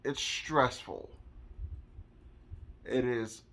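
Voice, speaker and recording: A man speaks slowly and deliberately, often stopping and repeating a word before going on. His tone is earnest and personal, the voice of someone explaining a subject he has lived through to viewers. His pitch sits in a middle range for a man. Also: fairly bright tone. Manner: slow, halting, repeats words while searching for phrasing; earnest, speaks from own experience. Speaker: vlogger.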